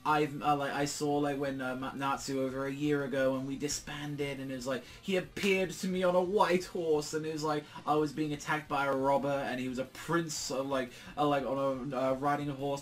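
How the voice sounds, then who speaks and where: A young British man chats loosely about a comic chapter, his voice in an ordinary middle register. He rambles through fillers, swears freely and suddenly pops into animated quoted lines. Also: mid-range voice, brisk, few pauses, faint music behind. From Britain. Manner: rambling, lots of fillers and swearing, acts out quotes in jumpy bursts. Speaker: manga reviewer. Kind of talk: casual solo review chat.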